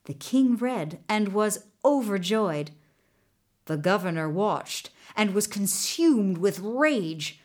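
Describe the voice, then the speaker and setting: Slow, expressive woman storyteller. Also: medium pitch. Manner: expressive, measured. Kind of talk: folktale read aloud.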